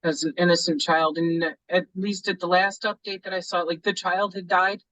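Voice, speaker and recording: A man's voice: high-pitched, little pitch movement, moderate pace, sharp tone, far from the mic, rough recording. A man hosting a discussion, talking bluntly with heavy swearing. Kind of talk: casual discussion.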